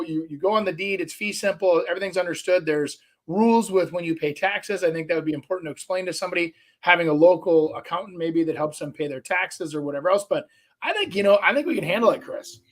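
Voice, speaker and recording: High-voiced male co-host, animated joker, casual studio banter. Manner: animated, joking storyteller. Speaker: radio co-host. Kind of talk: casual radio talk. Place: radio studio.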